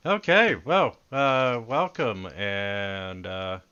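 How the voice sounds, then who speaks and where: Slow-talking male game master with a smooth voice, muffled voice-chat sound, relaxed and halting. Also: fairly low pitch. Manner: relaxed and hesitant, many filler pauses. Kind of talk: casual game session intro.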